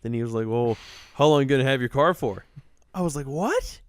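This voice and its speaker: A young man telling a story on a casual podcast, swearing and acting out shouted quotes. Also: medium pitch, quick pace, smooth, dry recording, clean studio sound. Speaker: podcast guest.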